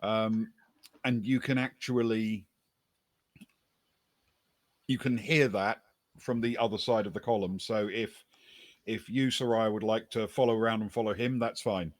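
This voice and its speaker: A man with a lowish voice runs a tabletop game, narrating each scene in an unhurried, pausing way. The sound is dry and close, with no room around it. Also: steady tone, no echo. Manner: descriptive, unhurried narration with many pauses. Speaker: game master.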